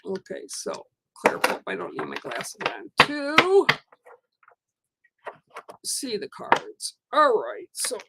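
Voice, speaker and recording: Gravelly-voiced woman giving gentle card readings. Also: high voice, huge pitch swings, slow pace, pauses often, very noisy. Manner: gentle, reassuring, rambling. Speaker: spiritual card reader. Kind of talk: live oracle card reading.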